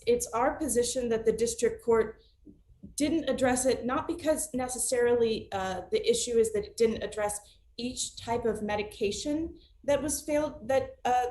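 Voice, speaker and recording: A woman's voice: a little high, darkish tone, reverberant. A woman attorney arguing an appeal remotely, hesitant with frequent restarts and fillers. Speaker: appellate attorney. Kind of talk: remote oral argument.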